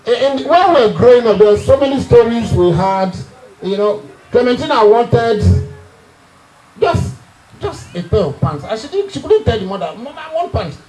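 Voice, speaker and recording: At a family reunion, a middle-aged Nigerian man with a high voice and darkish tone delivers humorous anecdotes about the family, chuckling and teasing his listeners along the way. The recording quality is low.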